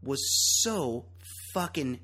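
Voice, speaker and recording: Husky guy co-hosting a podcast, loud and sweary, cracks himself up. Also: mid-range voice, animated. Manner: emphatic, profane, quick to laugh. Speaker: podcast co-host. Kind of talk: casual chat.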